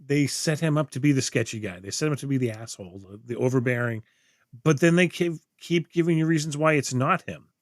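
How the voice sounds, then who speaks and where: A man's voice: mid-range voice, fast talker, dry recording, studio quality. A middle-aged man reviewing a movie in casual podcast chat, rambling, swearing freely and acting out quotes. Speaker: podcast co-host.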